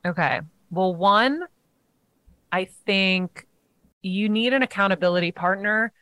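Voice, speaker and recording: A woman's voice: mid-range voice, unhurried, fairly bright tone, clean tone, no echo, clean studio sound. A woman speaking as a podcast guest, telling stories earnestly and acting out what others said. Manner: earnest, storytelling, acts out quotes. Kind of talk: casual interview talk.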